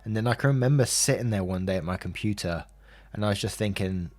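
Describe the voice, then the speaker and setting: Low-voiced Englishman telling a painful story. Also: fast, darkish tone. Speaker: YouTube narrator. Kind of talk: personal storytelling.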